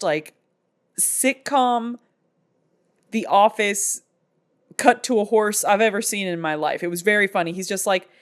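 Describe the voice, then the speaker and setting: A woman's voice: on the high side, unhurried. A woman in her thirties, casually recapping a movie in a chatty, amused, rambling way.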